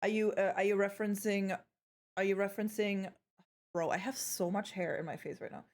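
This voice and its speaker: A woman's voice: medium pitch, fairly even intonation, fairly quick, a little mellow. A young woman streaming live, chatting playfully with her viewers, joking and swearing as she goes. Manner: playful, chatty, swears freely, trails off and restarts.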